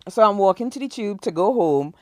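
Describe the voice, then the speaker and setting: Wanita Trinidad bercerita dengan ekspresif. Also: female voice, medium pitch, fairly quick, no room sound, studio quality. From Trinidad and Tobago. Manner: animated storyteller, acts out quoted voices, laughs often. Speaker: podcast host. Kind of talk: casual interview chat.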